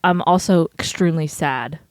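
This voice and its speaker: A woman's voice: low-pitched, moderate pace, smooth, dry recording. A young woman co-hosting a podcast, a sleep-deprived new mother chatting casually, rambling and laughing as she trails off mid-thought. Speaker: podcast co-host. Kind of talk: casual chat.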